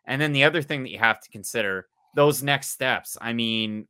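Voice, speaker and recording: A man from Canada, co-hosting a casual podcast chat in an animated, joking way. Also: mid-range voice, moderate pace, few pauses, clean tone. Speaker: podcast co-host.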